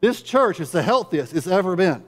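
A middle-aged man preaching a sermon as pastor, with wry conversational asides, dropping to quiet low passages and building to loud, driving peaks. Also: very animated, normal speed.

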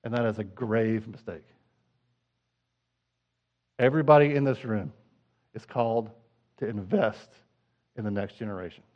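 This middle-aged pastor's voice is lowish, at normal speed with frequent pauses, as he preaches in a conversational way that alternates between hushed asides and fervent pleas. The sound quality is lo-fi.

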